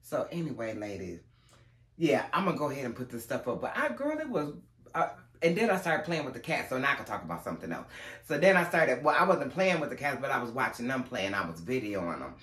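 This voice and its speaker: A man's voice: medium pitch, very animated, fast, fairly bright tone, roomy sound. A man chatting casually to camera at home as a lifestyle vlogger, rambling from one story to the next.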